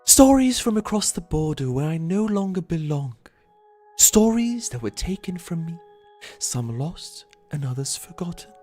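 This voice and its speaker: A man's voice: on the high side, sing-song, unhurried, dark tone, soft background music, voice pushed up. A man voicing a pleading spirit storyteller with a dramatic, formal manner of speech.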